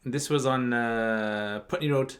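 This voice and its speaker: A relaxed man at a middle pitch, chatting easily as a podcast host. He tells stories at length and laughs often between them. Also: slow. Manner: laughing, anecdotal storytelling. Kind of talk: casual chat.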